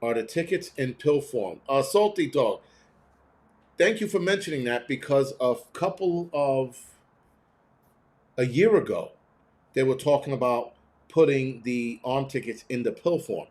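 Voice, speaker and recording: A man hosting a live stream, chatting casually and reading viewer comments, ranting bluntly with lots of swearing and quick imitations of other people. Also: medium pitch, expressive, a little mellow. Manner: mimics others in quoted voices.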